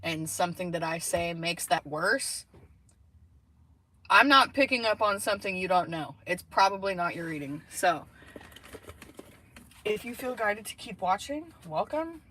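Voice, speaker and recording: A woman's voice: lowish voice, animated, unhurried, pauses often, bright, forceful tone, rough recording. A woman giving a casual, rambling tarot reading from inside a car, with many fillers and asides. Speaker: tarot reader. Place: in a parked car. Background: faint background noise.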